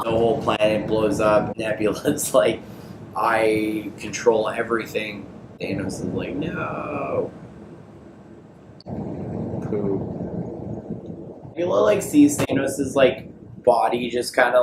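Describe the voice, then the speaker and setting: Tipsy guy rambling through a comic plot, lots of "like", roomy echo, noisy background. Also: mid-range voice. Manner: loose, slangy, full of "like", acts out characters with quick voices. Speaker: podcast co-host retelling a comic. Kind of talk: drunk rambling recap.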